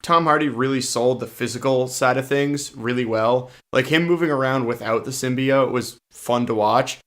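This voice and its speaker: A man's voice: mid-range voice, moderate pace, fairly bright tone. A man co-hosting a casual film review podcast, blunt and opinionated, often cutting in. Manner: blunt, opinionated, jumps in over others. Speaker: podcast co-host.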